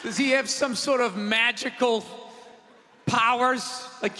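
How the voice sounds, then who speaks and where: A man doing a stand-up set on a theater stage, ranting in a loud, exasperated way into a handheld mic. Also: extremely high pitch, animated, slow, a faint crowd. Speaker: stand-up comedian. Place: theater stage before a live audience. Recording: live theater recording with audience noise and reverb.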